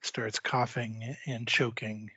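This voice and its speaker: A man acts as game master for a tabletop horror game, narrating scenes calmly and at length. His voice comes over a dull, lo-fi online call, and the sound is dry and close. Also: mid-range voice, slightly rough, no room sound. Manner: calm, drawn-out descriptive narration.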